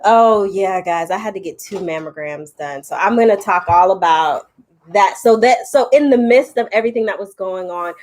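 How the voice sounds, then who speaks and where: A young woman co-hosting a family vlog, telling stories in a playful, animated way. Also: mid-range voice, normal speed. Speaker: vlog co-host. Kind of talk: casual family chat.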